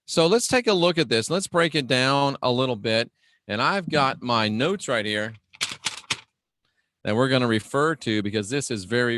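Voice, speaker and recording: A man hosting a livestream, teaching the Bible conversationally, slowing down and raising his voice for key phrases and greeting viewers. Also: mid-range voice, fairly bright tone, dry recording, clean studio sound. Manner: conversational and emphatic, slows and raises voice for key phrases; greets viewers and talks to himself while navigating a website. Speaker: livestream host teaching scripture.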